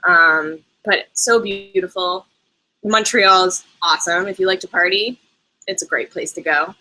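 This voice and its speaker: Speaking at a measured pace in a lowish, pushed, bright voice, this woman hosts a laid-back live travel chat over poor audio. She's a travel vlogger living in Canada, bubbly and talkative, and she laughs a lot while taking viewer questions.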